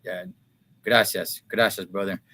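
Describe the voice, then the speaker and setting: A man, hosting a live talk stream in a casual, heartfelt way, halting with many fillers and restarts and dropping to a soft voice. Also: low voice, steady tone.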